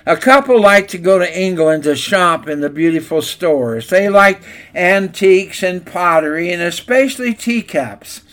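A man's voice: sits high, animated, measured pace, a bit bright. A man preaching a sermon in an earnest storytelling way, now and then correcting his own slips.

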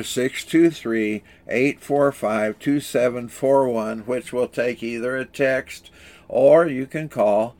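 A man preaching a sermon and telling a folk story, earnest and plain-spoken, with halting restarts. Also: mid-range voice, a little mellow.

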